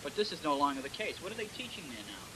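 A man's voice: fairly high pitch, sing-song, quick pace, pushed and bright, slight background noise, poor audio. A man preaching a sermon in an emphatic style, peppered with amens and praise interjections.

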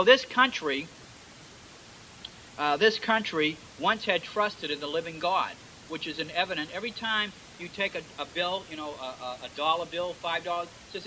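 A man's voice: high-pitched, sharp tone, a little hiss or hum, low-quality recording. A man preaching a sermon in an emphatic style, peppered with amens and praise interjections.

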